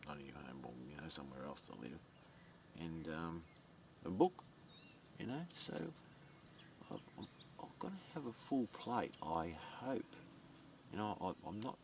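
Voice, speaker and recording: Deep, slow-talking man with a gravelly voice, rambling to camera outdoors, heard from a distance with faint ambient noise. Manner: meandering, repeats words, swears, chuckles often. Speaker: vlogger.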